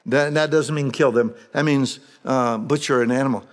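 A man's voice: mid-range voice, steady tone, moderate pace, in a large hall. A man preaching a sermon, reading Bible verses aloud and then explaining them in plain, everyday words. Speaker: pastor.

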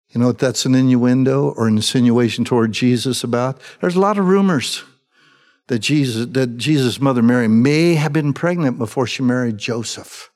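A man preaching a sermon, talking in a conversational way and dropping in quick asides. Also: mid-range voice, a little mellow. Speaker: pastor.

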